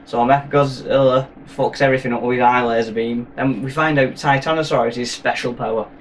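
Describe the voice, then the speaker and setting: A man's voice: medium pitch, steady tone, brisk. A man recapping a film in a rambling, profane, jokey way. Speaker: film reviewer. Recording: voice from a distance, faint noise.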